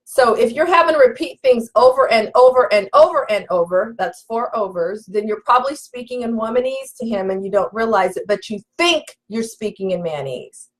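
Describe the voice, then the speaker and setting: A woman coach talks to her live viewers in a slightly high voice. She is emphatic and a bit preachy. She repeats her key points and asks the audience to answer back. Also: lively intonation, moderate pace, few pauses, rough recording. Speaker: relationship coach. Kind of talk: live-stream teaching, reading viewer comments.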